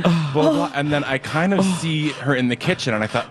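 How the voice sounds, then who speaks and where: A man's voice: on the high side, brisk, few pauses, crowd noise. A man co-hosting live radio, wryly retelling his side of a story in casual banter. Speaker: radio co-host.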